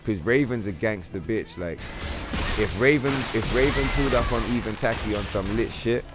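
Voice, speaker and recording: A man's voice: fairly low pitch, normal speed, loud music behind the voice. Profane rambling man on a game stream. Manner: profane slangy rambling, animated. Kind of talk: casual livestream chat.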